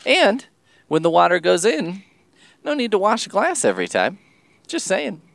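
Animated swearing man, lively pitch. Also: unhurried, vocal fry, no echo. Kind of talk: casual rambling monologue.

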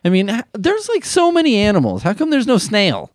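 A man's voice: high-pitched, wildly swooping pitch, brisk, no echo, studio quality. A man riffing comedically in a rambling, sarcastic way, swearing often.

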